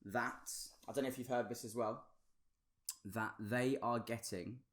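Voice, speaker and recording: A man co-hosts a casual podcast in an easygoing, halting way. He restarts his sentences and drops friendly asides. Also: mid-range voice, fairly even intonation, echoey room. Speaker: podcast co-host. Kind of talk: casual chat.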